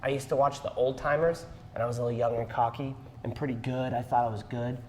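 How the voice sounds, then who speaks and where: A man's voice: mid-range voice, fairly even intonation, quick pace, a little hiss or hum. A man teaching a partner dance class, explaining moves and counting the beats aloud. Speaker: dance instructor. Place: dance studio. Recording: long hall reverb.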